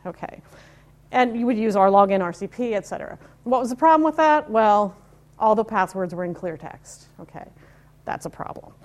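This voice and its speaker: Woman, 50s, from the US, conference speaker, informal and wry, middle-pitched voice. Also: lively intonation, a little fast, darkish tone. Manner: chatty and informal, with wry asides and audience questions. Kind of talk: live technical talk to an audience.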